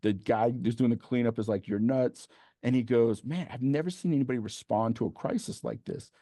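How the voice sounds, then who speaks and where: A passionate man speaking to an online audience over a video call, telling stories with rising energy. His voice is warm and mellow, and the sound is dry and close. He stacks his points into emphatic lists and laughs as he talks. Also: medium pitch, brisk, no echo. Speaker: motivational speaker at an online event. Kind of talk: energetic storytelling talk.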